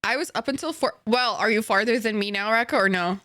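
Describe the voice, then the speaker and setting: A woman's voice: fairly high pitch, quick pace, sharp tone, dry recording, clean studio sound. Giggly, playful young woman streamer. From Egypt. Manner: playful, giggly, swears freely, slangy. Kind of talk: casual gaming stream chat with viewers.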